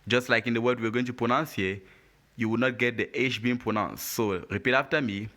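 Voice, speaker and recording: A man teaching French pronunciation letter by letter, patient and deliberate. He says each word, asks the listener to repeat it, and praises them. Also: medium pitch, fairly even intonation, fairly bright tone. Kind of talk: slow, deliberate language lesson.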